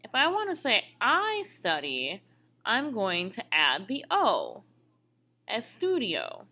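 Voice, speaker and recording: A woman records a classroom lesson, walking students through each step with patience. Her voice is bright and clear. Her pitch moves up and down a lot. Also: huge pitch swings, slow. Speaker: Spanish teacher.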